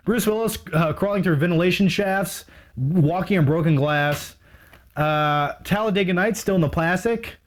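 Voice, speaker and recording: Guy rambling thru his movie shelf, kinda high voice, excited, laughs at himself. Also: normal speed. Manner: rambling, enthusiastic, self-mocking. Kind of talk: casual unscripted video.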